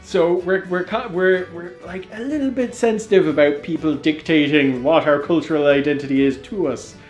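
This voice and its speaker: A man's voice: fairly high pitch, normal speed. A man with an Irish accent, a guest who explains old folklore in a rambling, enthusiastic way. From Ireland. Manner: rambling, enthusiastic, filler-heavy. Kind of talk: casual chat, explaining. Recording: echoey room with faint music.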